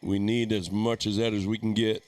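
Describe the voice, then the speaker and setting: A man's voice: on the low side, little pitch movement, moderate pace, darkish tone, smooth, no echo. A man giving easygoing, chatty live play-by-play commentary at a darts tournament. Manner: easygoing, chatty, laughs easily.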